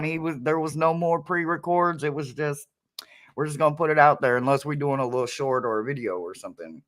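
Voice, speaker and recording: A man's voice: on the high side, fast, a bit bright. A man hosting a casual livestream as a psychic medium, chatty and laughing often as he talks to his viewers.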